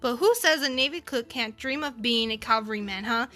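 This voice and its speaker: A woman's voice: fairly high pitch, sharp tone, soft background music. A woman doing a boastful old palace warden. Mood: proud. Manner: boastful, drawn-out, tries a vague accent with "eh". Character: proud middle-aged male palace warden, ex-navy cook. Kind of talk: voicing game dialogue on a stream.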